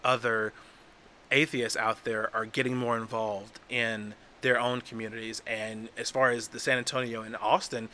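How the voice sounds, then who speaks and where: A man's voice: mid-range voice, little pitch movement, normal speed, pushed and bright, a little hiss or hum. A man from Texas talking casually and earnestly as a podcast guest, with frequent restarts.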